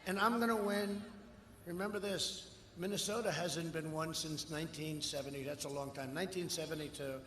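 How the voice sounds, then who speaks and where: A man from the United States delivers a boastful campaign rally speech, repeating himself and breaking into shouts. His voice sits high and sounds bright and forceful. It booms through a podium microphone and loudspeakers into a wide, echoing outdoor space with a long tail of reverb and faint crowd ambience behind. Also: fairly even intonation, fairly quick, slight background noise. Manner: boastful, repetitive, bursts into shouting. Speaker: political speaker at a rally.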